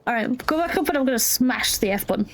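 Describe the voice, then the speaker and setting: A woman commenting casually on a game as she plays, chatty, joking and swearing freely. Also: sits high. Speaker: gameplay streamer. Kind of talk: casual let's-play commentary.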